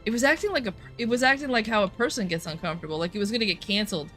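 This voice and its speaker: A woman's voice: mid-range voice, very fast, sharp tone, soft background music. A woman chatting casually and profanely while streaming a game, full of rambling asides. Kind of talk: casual gameplay commentary.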